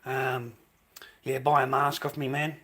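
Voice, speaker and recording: A man's voice: medium pitch, flat delivery, unhurried, fairly bright tone. Profane older Australian man ranting. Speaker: vlogger. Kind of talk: rambling casual monologue to camera.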